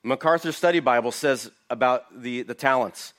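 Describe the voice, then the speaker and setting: Asking his listeners rhetorical questions along the way, this man teaches the Bible emphatically, verse by verse. His mid-range voice is a bit bright and moves at normal speed.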